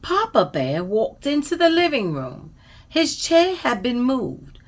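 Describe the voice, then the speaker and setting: A woman storyteller reading a children's bedtime story aloud in an expressive, soothing way. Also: sits high, slow pace. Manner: expressive, soothing, trailing into soft whispers at the close.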